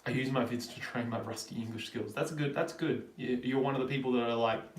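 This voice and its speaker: A man's voice: medium pitch, fairly even intonation, fairly quick, hardly any pauses, far from the mic. A young Australian man hosting a live Q&A stream, chatting casually as he answers viewer questions. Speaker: livestream host. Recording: roomy, from off the mic.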